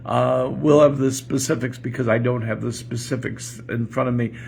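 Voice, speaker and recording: A man's voice: mid-range voice, steady tone, moderate pace, creaky, a little mellow, a little hiss or hum. An older man who is a pastor, chatting casually and rambling with chuckles as he tells jokes on a morning show. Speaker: pastor and podcast host. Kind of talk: casual morning chat and joke telling. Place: home porch.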